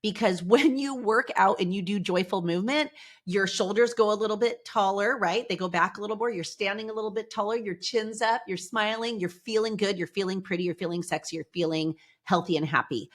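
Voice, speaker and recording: A woman's voice: medium pitch, brisk. Bubbly middle-aged woman podcast host. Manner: bubbly, animated, chatty with fillers like "like" and "y'all". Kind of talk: upbeat motivational podcast talk.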